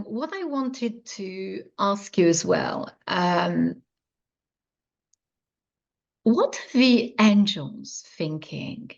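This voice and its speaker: A woman interviewer asking enthusiastic, soft-spoken questions over a video call. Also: low voice, dull audio.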